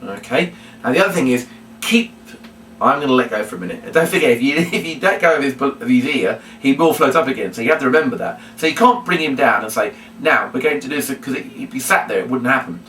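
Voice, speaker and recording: Guy walking you through a puppet act, bright forceful voice, roomy sound from across the room. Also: mid-range voice, animated, fast. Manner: chatty, explanatory, repeats reminders. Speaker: puppetry instructor. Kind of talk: demonstration tutorial. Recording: roomy, from a distance.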